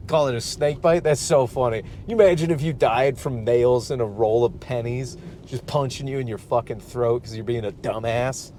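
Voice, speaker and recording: A man's voice: medium pitch, moderate pace, a little mellow, slight background noise. A man and stand-up comic hosting a casual solo podcast, ranting in a profane, rambling, worked-up way. He is from Michigan.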